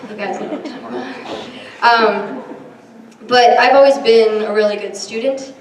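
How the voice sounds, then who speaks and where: A young woman doing a chatty, self-deprecating stand-up routine, her pitch sitting a little high. She is picked up from a distance in an echoey hall, with a faint hiss of room noise behind her. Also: normal speed. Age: young adult. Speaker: stand-up comedian. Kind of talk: stand-up set. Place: large hall with a live audience. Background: audience laughter and room noise.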